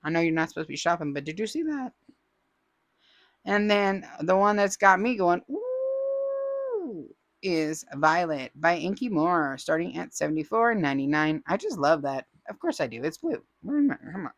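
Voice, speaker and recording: Chatty woman host with a bouncy, lively voice. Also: fairly low pitch, a little fast, few pauses, no room sound. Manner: chatty, playful, teasing asides. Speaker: host of a crafting channel. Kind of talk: casual chat reading viewer comments.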